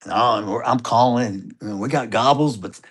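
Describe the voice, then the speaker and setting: A middle-aged father telling a personal story in an interview, animated, moving between hushed tones and loud excitement. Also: mid-range voice, moderate pace, breathy edge. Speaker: grieving father being interviewed.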